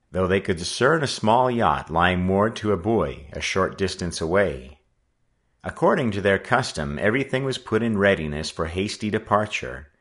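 A man narrating an adventure story as an audiobook reader, with an animated reading manner. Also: low voice.

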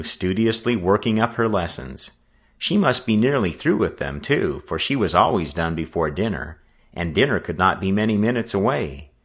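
A man narrating a story in an expressive, scripted reading style. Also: deep voice. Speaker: audiobook narrator.

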